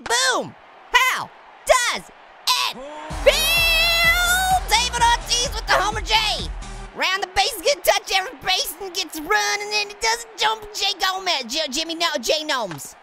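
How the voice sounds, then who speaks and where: A man's voice: sharp tone, heavily acted. A man voicing a hyper, giggly male talking orange who cracks puns and taunts while commenting on gameplay. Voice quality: gravelly, high cartoon voice. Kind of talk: comedic let's-play commentary. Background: game music.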